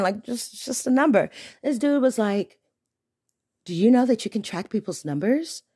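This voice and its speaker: A young woman hosts her podcast close to the mic, with a dry, dead sound. She chats casually and uses slang. Her pitch leaps high when she gets indignant. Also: dry recording. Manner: animated, exclaims with sharp pitch jumps when indignant; slangy, conversational. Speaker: podcast host. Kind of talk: casual storytelling monologue.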